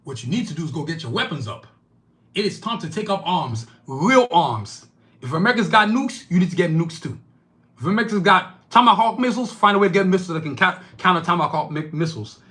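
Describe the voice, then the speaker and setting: A man from Nigeria delivering a heated opinion monologue, indignant and forceful, swearing freely and firing off rhetorical questions. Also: sits high, sing-song, quick pace. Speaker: political commentator.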